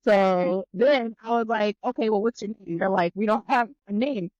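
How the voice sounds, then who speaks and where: On a podcast, a female guest spins a long, animated story full of profanity, playing both people in each exchange. Her mid-pitched voice moves at a moderate pace. The audio is dry and slightly dull, as if captured up close on a modest mic with no room sound.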